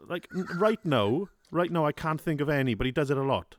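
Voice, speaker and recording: A man's voice: on the high side, expressive, a little fast. Sweary young man in casual chat. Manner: sweary, laughing, bursts into singing snippets. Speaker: podcast co-host.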